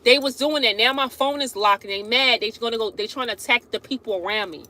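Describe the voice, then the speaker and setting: A woman's high, bright voice in a casual live stream, chatting with her viewers. She laughs often and keeps turning to address them directly. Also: fast.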